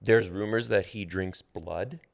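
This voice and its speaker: A man's voice: fairly low pitch, unhurried, vocal fry. A man co-hosting a casual podcast chat, from Detroit, groping for answers with hesitant fillers. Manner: hesitant, searching guesses with many fillers. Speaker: co-host.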